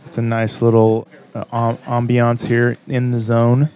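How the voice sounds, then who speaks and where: A man's voice: medium pitch, completely flat delivery, measured pace, darkish tone, clear, resonant tone. A man hosting a casual podcast, chatting in a playful, joking way. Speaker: podcast host. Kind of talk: casual chat.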